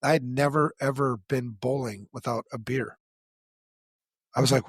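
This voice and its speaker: Husky-voiced middle-aged man, blunt and profane. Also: mid-range voice, fairly even intonation, moderate pace, pauses often, no echo, clean studio sound. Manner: blunt and profane, frank about his struggles. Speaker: podcast co-host. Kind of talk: candid personal storytelling.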